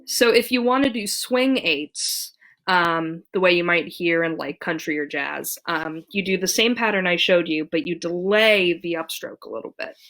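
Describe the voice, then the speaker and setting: A woman giving a casual ukulele lesson, talking in a relaxed way with many fillers and counting beats aloud. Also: on the low side, normal speed, soft background music. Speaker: ukulele teacher. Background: ukulele strumming.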